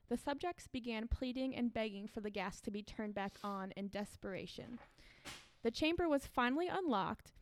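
A woman's voice: on the high side, dry recording. A woman co-hosting a casual podcast, reading a creepy story aloud with fillers and frequent laughs.

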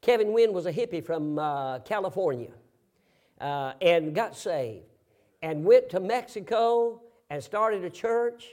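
A man preaching a sermon, telling a story in a folksy way, asking rhetorical questions and bursting into loud, emphatic shouts. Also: high voice, lively intonation, unhurried.

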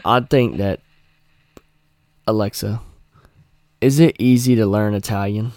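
A man's voice: on the low side, measured pace, a little mellow, no echo, clean studio sound. A man hosting a podcast, rambling and swearing in casual chat. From North Carolina. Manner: rambling, profane, joking. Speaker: podcast host.

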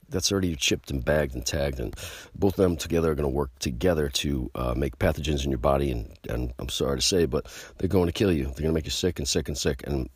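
A man's voice: extremely low pitch, slightly rough, dry recording. A man ranting casually to the camera in a rambling, profane, emphatic way.

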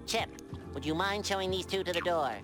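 A man voicing a stubborn cartoon sea sponge who refuses to leave his house, in a high nasal voice over cartoon music. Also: brisk, fairly bright tone. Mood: fed up. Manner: insistent, exasperated. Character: cheerful young male sea sponge, stubborn homebody.

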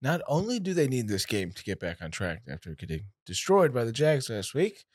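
A man's voice: mid-range voice, sing-song, a little fast, darkish tone, dry recording, studio quality. A young man co-hosting a casual sports podcast, playful and jokey. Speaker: podcast co-host.

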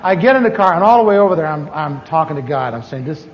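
A man's voice: on the high side, lively intonation, fast talker, a little hiss or hum. A man preaching a sermon as a pastor, telling stories with self-mocking humor. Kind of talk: storytelling sermon. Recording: dull lo-fi recording with long hall reverb.

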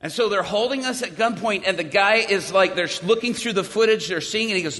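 Man, dramatic storytelling, slightly high voice, long hall reverb. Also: fairly quick. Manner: acts out the dialogue he quotes, with sudden shouts. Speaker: speaker telling his own story to an audience.

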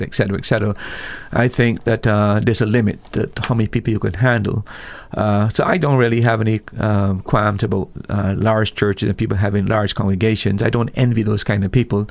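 A man who is a pastor talking on a radio discussion, emphatic and rising sharply in pitch when he quotes other preachers. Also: gravelly. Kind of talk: radio talk show discussion.

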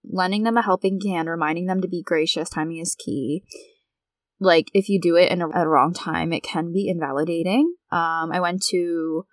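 A woman's voice: on the low side, fairly even intonation, normal speed, no echo, studio quality. Blunt, swearing young woman podcaster. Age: 20s. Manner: candid, blunt, swears freely. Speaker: podcast host. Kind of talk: casual solo podcast talk.

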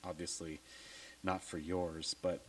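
A man with a low voice hosting a casual podcast, blunt and swearing freely. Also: little pitch movement, takes it slowly, fairly bright tone, slight background noise, rough recording. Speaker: podcast host.

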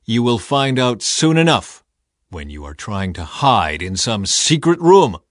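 A man's voice: mid-range voice, big pitch swings, unhurried, dry recording, studio quality. A man reading aloud and voicing a stern prophet who speaks in a solemn, declaiming way. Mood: defiant. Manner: solemn and declaiming, sometimes sarcastic. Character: stern older male prophet who defies the king.

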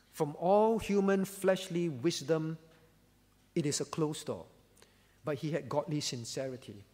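A man's voice: sits high, long reverb tail. A male pastor preaching a sermon, emphatic and repeating key phrases for weight.

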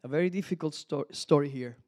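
A man preaching a sermon, animated, calling out hallelujah and praise the Lord between points. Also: a little high, fast talker. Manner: animated, exclamations of hallelujah, some restarts.

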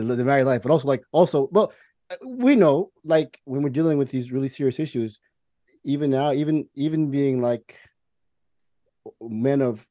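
A man's voice: medium pitch, warm tone, no echo. A man co-hosting a podcast, talking casually in a rambling, profane way with many restarts. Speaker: podcast co-host.

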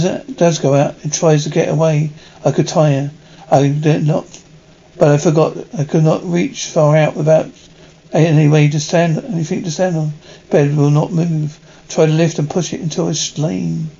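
A man reading a first-person story aloud in a halting, stumbling way, often restarting words. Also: on the high side, gravelly, warm tone. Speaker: reader. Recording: dull lo-fi recording.

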